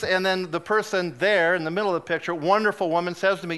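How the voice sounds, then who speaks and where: A man preaching a sermon, telling a funny personal story with lively, self-deprecating humor and frequent laughs. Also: high voice, quick pace, hardly any pauses, clean tone. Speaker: guest preacher.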